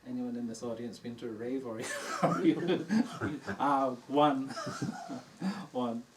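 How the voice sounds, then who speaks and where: An older man, a dharma teacher, telling a personal story to an audience in a relaxed, anecdotal way and laughing at his own tale. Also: mid-range voice, slow pace. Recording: distant mic in a room with faint noise.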